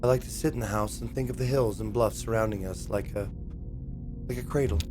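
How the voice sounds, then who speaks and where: A man reading aloud the lines of a calm, dreamy house resident in a game, in a low, soft, measured voice. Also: music in the background, lightly acted.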